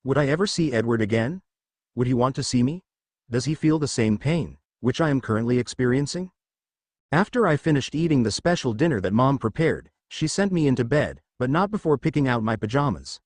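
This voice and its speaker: A man narrating a first-person story in an expressive reading voice. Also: mid-range voice, brisk, dry recording.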